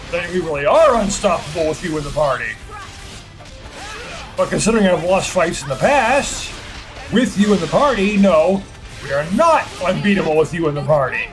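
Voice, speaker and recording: A man doing gameplay commentary, ranting and sarcastic, poking fun at himself and others. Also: high voice. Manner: ranting, self-deprecating, sarcastic asides. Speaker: let's play host. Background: game music.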